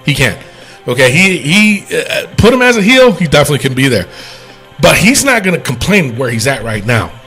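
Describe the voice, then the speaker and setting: A man co-hosting a podcast, talking about wrestling in a rambling, animated way and laughing often. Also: a little high, brisk, soft background music. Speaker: podcast co-host. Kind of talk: casual wrestling chat.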